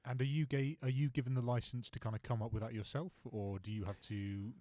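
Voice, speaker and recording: A man's voice: mid-range voice, fairly even intonation, brisk, mellow, no echo, studio quality. A man hosting a podcast interview, mostly asking short follow-up questions. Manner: brief prompts and follow-up questions. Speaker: podcast host. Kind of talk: casual interview chat.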